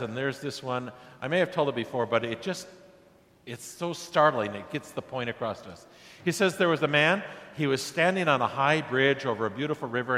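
A man's voice: mid-range voice, fairly bright tone, in a large hall. A man preaching a sermon to his congregation, earnest and telling stories with acted-out voices. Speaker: pastor.

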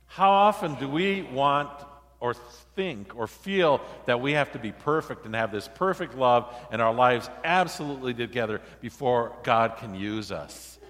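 A male pastor preaching a sermon in a relaxed, conversational, storytelling way, acting out the quoted dialogue. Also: mid-range voice, in a large hall.

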